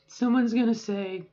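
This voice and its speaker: A woman's voice: on the high side, darkish tone, highs cut off. A middle-aged woman talking casually in a voice-training vlog, rambling and often checking in with "okay?". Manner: rambling, keeps adding "okay?". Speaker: vlogger.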